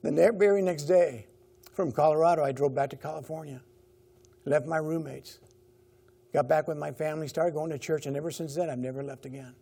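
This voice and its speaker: A man's voice: on the high side, steady tone, a little fast, creaky, warm tone, slightly rough. A middle-aged man preaching a sermon in a conversational way, repeating key phrases. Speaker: pastor.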